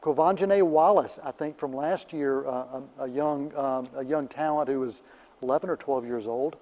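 A man's voice: mid-range voice, moderate pace, darkish tone, big-room sound, highs cut off. A man co-hosting a casual radio show about films as the critic, rambling with many fillers and restarts. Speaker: film critic co-host.

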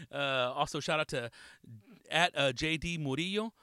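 A man's voice: a little high, measured pace, bright, forceful tone, clear, resonant tone, no echo, studio quality. Loose, profane male podcast host. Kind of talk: casual podcast shout-outs.

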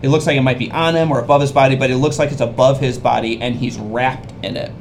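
A man acting as game master, narrating a tabletop game in a relaxed, descriptive way. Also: medium pitch, fast. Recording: noisy background.

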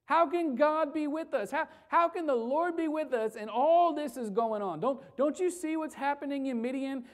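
A woman preacher voicing a frightened young man who doubts and pleads, speaking in rapid disbelieving questions. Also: high-pitched, pitched above the performer's own voice, lightly acted. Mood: incredulous.

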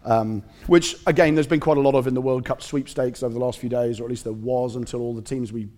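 A man's voice: mid-range voice, fast talker. A man preaching a sermon, reading scripture aloud and breaking off for joking asides and stories. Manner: animated, joking asides and storytelling.

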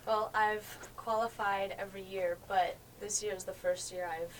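A teenage girl athlete answering interview questions in an earnest, steady way. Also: mid-range voice, moderate pace, far from the mic, a little hiss or hum, poor audio. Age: teens. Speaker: athlete guest.

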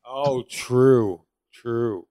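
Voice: mid-range voice, drawn-out words, warm tone. A podcast co-host chatting casually, mostly giving short reactions and questions. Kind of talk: casual chat.

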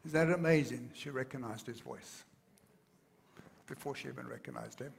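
A man's voice: medium pitch, moderate pace, gravelly, a little hiss or hum. A man preaching a sermon to his congregation, earnest and building to fervent emphasis. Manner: addresses the congregation directly. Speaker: pastor.

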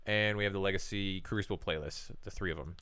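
A man's voice: low voice, quick pace, pushed and bright, smooth, no echo. A man hosting a casual gaming podcast, laid-back and swearing freely as he runs the discussion. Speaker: podcast host.

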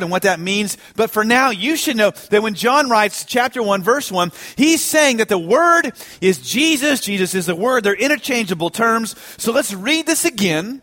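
A man preaching a sermon, telling a story with animated, emphatic delivery that builds to strong peaks. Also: high-pitched. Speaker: pastor.

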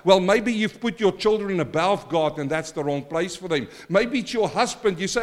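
A man preaching a sermon as pastor, swinging from quiet stretches to loud emphatic swells and calling on the congregation. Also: high-pitched, lively intonation, moderate pace, hardly any pauses. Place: church.

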